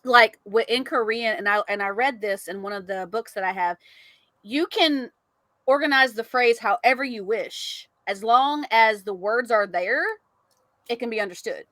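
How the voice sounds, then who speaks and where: A woman's voice: a little high, normal speed, a bit bright, no room sound. A woman hosting a podcast, chatting casually, laughing often and reading out chat comments. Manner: chatty, giggly, reads chat comments aloud. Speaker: podcast host. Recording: dry close mic.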